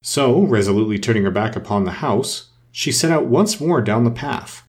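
A man narrating a storybook aloud, expressive and animated. His voice rises and falls widely, with a middle-range pitch.

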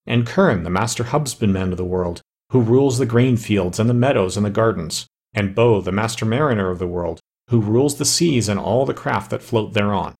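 A man narrates a storybook tale in a measured, steady way. His voice sits low and gravelly, with a husky grain to it. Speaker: audiobook narrator. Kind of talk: storybook reading.

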